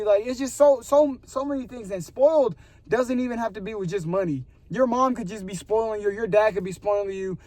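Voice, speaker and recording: A young man with a fairly high voice rants earnestly to the camera in a loose, rambling vlog. He fills his talk with casual slang and asides. When he quotes his own complaints to God, his voice drops low and tired. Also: dry recording. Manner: rambling, earnest, lots of filler like "bro" and "you know"; slides into a lower, weary voice when quoting himself talking to God. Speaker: vlogger. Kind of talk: casual motivational rant to camera.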